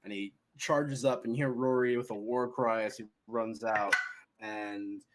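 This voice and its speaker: A man narrating a tabletop game as game master, animated and laughing often as he describes the action. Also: mid-range voice, measured pace, background noise.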